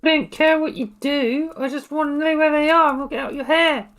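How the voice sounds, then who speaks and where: A woman's voice: fairly high pitch, steady tone, moderate pace, voice pushed up, natural voice. A woman voicing a brash adventurer who makes blunt, swearing demands. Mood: impatient.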